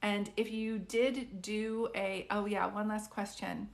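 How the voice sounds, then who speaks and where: A woman's voice: mid-range voice, fairly even intonation, slow pace, gravelly. A middle-aged woman giving psychic readings on a live stream, chatty and reassuring, often saying "like" and "do you know what I mean".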